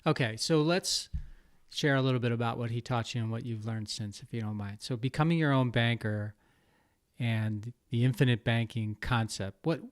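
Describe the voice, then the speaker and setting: A man's voice: mid-range voice, moderate pace, no echo, clean studio sound. A man hosting a podcast interview, asking curious, probing questions. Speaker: podcast host.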